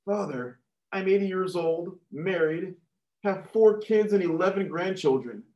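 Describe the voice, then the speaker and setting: A man's voice: sits high, unhurried, a little mellow, echoey room, dull audio, voice pushed up. A man voicing a boastful elderly man confessing to a priest, told as part of a joke. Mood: confiding. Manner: bragging, cheeky.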